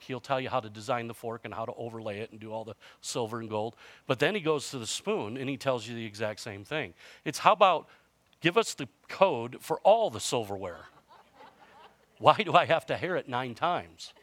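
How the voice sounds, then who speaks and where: A man's voice: medium pitch, lively intonation, moderate pace, fairly bright tone, no echo. A man in his fifties preaching a sermon in a conversational storytelling way, with self-mocking humor and frequent restarts. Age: 50s. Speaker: pastor.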